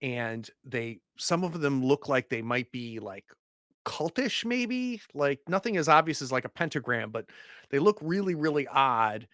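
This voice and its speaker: Bright-voiced male game master. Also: medium pitch, measured pace, dry recording, studio quality. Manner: animated, descriptive, with fillers. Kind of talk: narrating a tabletop game.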